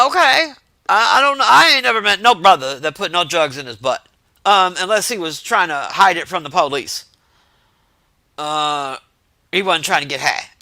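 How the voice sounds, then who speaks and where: High, bright-voiced man ranting profanely. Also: no echo. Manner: profane, exasperated and animated. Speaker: streamer telling stories to chat. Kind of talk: casual storytelling rant.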